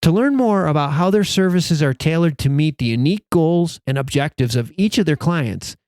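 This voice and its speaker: A man's voice: on the high side, expressive, moderate pace, a little mellow, dry recording. A man hosting an interview podcast, reading sponsor copy and introducing his guest in an upbeat way. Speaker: podcast host.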